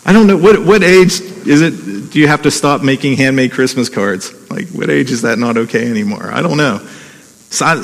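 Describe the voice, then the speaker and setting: A man's voice: a little high, gravelly, fairly bright tone, big-room sound. A man in his forties preaching a sermon as a pastor, conversational, with asides and chuckles. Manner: conversational, laughs and digresses.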